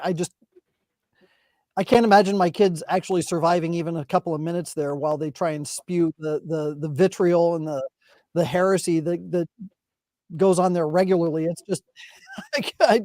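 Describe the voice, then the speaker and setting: A middle-aged male co-host with a fairly high voice talks in a wry, halting way and laughs easily. The sound is dry and close, with no room echo. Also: a little mellow. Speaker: podcast co-host. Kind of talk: casual political talk show.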